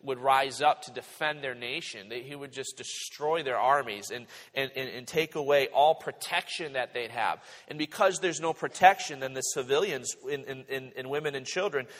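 A man's voice: medium pitch, moderate pace, hardly any pauses. Man preaching in a reverberant hall. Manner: animated storytelling, acts out the characters. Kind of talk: sermon.

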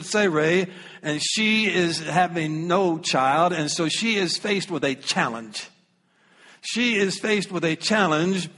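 Folksy Southern preacher in a hall. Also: male voice, fairly high pitch, a bit bright. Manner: folksy, humorous, reads scripture aloud. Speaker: pastor. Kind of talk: sermon.

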